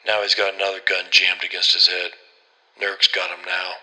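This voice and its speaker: A man's voice: low voice, monotone, normal speed, bright, forceful tone, poor audio. A man narrating a horror story in a grim, terse first-person voice.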